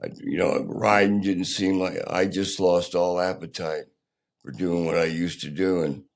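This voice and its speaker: An older man, a podcast guest, telling his own story candidly in a plainspoken, halting, rough-edged way. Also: low voice, fairly even intonation.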